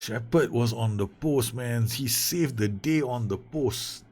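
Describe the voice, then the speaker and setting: A gaming YouTuber with a mid-range, slightly dark voice talks slowly through a casual Let's Play of a football management game. He addresses his players directly, swearing and laughing as the match swings back and forth.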